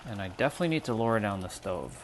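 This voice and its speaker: A man with a fairly low voice chats to his live viewers from his home kitchen. He muses loosely on spiritual ideas, with plenty of fillers and restarts, while faint clatter of cutlery sounds behind him. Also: rapid-fire, noisy background. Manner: relaxed, musing, with fillers and restarts, talking while cooking. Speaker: livestream host. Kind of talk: casual spiritual talk to live chat.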